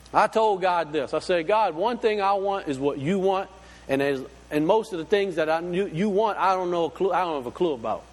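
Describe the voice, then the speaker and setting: Animated preacher in a reverberant hall. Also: male voice, a little high. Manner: folksy, animated preaching with rhetorical questions. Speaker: pastor. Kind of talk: sermon.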